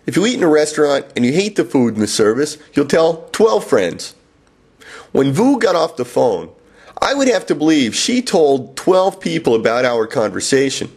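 A man's voice: a little high, big pitch swings, normal speed, darkish tone, husky. A man reading his own first-person memoir in a wry, sardonic way. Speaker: author and narrator.

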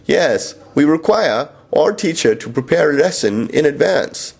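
A man voicing a stiff male office manager who speaks slow, halting, broken English. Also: a little high, animated, creaky, breathy edge, heavily acted. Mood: insistent.

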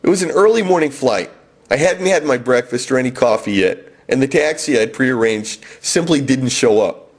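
A man telling a comic personal travel story with wry, deadpan self-mockery. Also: mid-range voice, normal speed, husky.

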